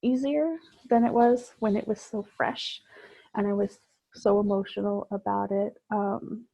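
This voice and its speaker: A woman guest sharing a personal story in conversation, reflective and halting, with many fillers. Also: mid-range voice, steady tone, vocal fry, dark tone, slightly rough, no room sound, poor audio.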